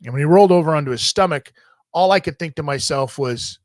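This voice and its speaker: A man's voice: on the high side, fast talker, no room sound. A man hosting a talk show, telling a story in a casual, profane and jokey way. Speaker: host.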